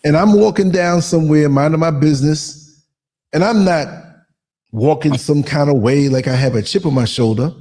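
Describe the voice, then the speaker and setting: A man's voice: on the high side, moderate pace, warm tone. An American man living abroad, telling a story in a casual podcast chat with sarcastic asides over a remote call. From United States. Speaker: podcast host. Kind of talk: casual conversation. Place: living in Africa.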